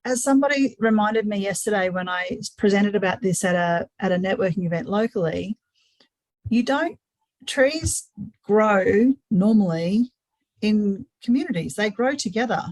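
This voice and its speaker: Woman, webinar host, earnest, repeats words while thinking, mid-pitched voice, dry close sound. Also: expressive, normal speed, dry recording, poor audio. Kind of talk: live-streamed webinar talk.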